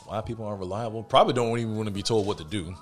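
A man's voice: lowish voice, very fast, faint music behind. A young man in casual podcast chat, telling a story with lots of slang and acting out both sides of a quarrel. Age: young adult. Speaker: podcast co-host.

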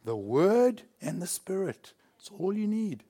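Male pastor, from South Africa, emphatic sermon delivery, light chuckles, fairly high voice. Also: big pitch swings, a little slow, mellow. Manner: emphatic preaching, chuckles between points.

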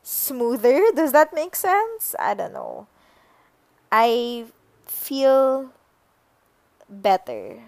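A young woman hosting a solo podcast, musing unhurriedly with pauses and fillers. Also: high-pitched, big pitch swings, darkish tone, no echo. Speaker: podcast host. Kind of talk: reflective solo podcast talk.

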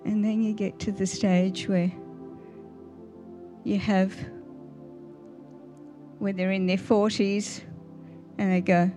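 Soft music plays behind this guest speaker, an older woman with a mid-range voice who speaks slowly and pauses often. Her Mother's Day church talk is warm storytelling about family, sprinkled with little laughs and questions to the audience.

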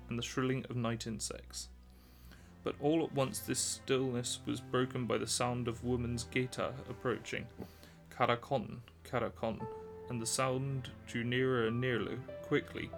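A man narrating an old tale in a measured, calm reading. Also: medium pitch, creaky. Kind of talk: storybook reading.

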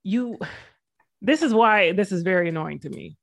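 A woman's voice: mid-range voice, animated, a little slow, creaky, dry recording, clean studio sound. A young woman with a slight Southern drawl, co-hosting a podcast in a blunt, sassy, slangy way. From American South. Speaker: podcast co-host. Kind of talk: casual chat.

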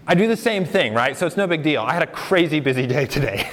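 A man's voice: fairly high pitch, animated, a little fast, few pauses. A young man preaching a sermon in a conversational way, asking the congregation questions and laughing along with them. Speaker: pastor. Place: church hall with congregation. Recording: long hall reverb.

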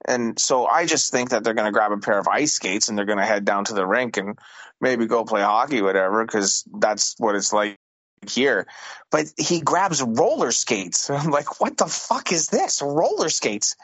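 A man's voice: fairly low pitch, normal speed, fairly bright tone, no echo. A man from Canada rambling through a story in casual, profane podcast banter, with many restarts. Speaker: podcast co-host. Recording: dull lo-fi dry sound.

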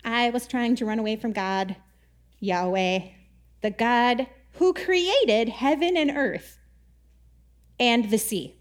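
A woman voicing a resigned male prophet who quietly admits his fault. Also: fairly high pitch, slow, long pauses.

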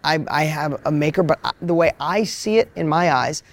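Upbeat male coach, high voice, storytelling to a team panel. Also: moderate pace. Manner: energetic, storytelling, repeats words when excited. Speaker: business coach. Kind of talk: motivational panel talk.

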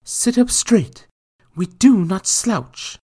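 Man doing a high frightened mother. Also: animated, dark tone, exaggerated voice. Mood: stern. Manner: high strained falsetto, slow and pleading. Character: anxious frightened mother, middle-aged woman.

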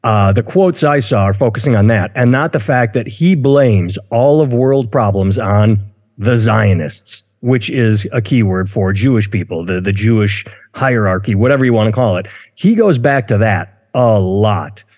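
Long room reverb surrounds a man co-hosting a casual podcast chat, his low-side voice a little mellow with lively intonation at a moderate pace. He rambles, speaks his mind, and keeps restarting his words.

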